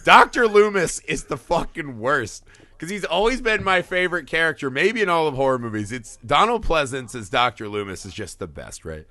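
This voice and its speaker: A man's voice: on the high side, moderate pace, no echo. A man co-hosting a film podcast, talking casually and profanely and acting out characters. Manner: profane, animated, acts out impressions. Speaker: podcast co-host.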